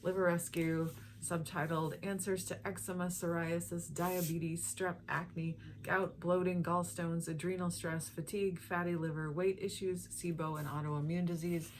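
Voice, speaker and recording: Low-voiced woman telling her story earnestly. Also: little pitch movement, a little hiss or hum. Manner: earnest, heartfelt, drawn-out phrasing. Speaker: health vlogger. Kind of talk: personal testimony vlog.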